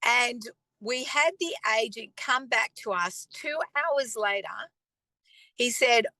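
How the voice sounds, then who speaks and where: A woman tells a faith testimony in a higher, bright and forceful voice. She speaks earnestly and conversationally, with pauses and the odd throat clear. The recording is close and dry. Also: animated, no room sound, poor audio. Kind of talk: personal testimony talk.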